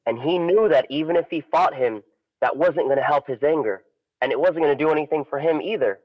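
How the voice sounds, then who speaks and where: A man casually telling a parable on a podcast, animated and relaxed. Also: fairly high pitch, fairly quick. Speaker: podcast co-host. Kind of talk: casual storytelling. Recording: dull lo-fi audio.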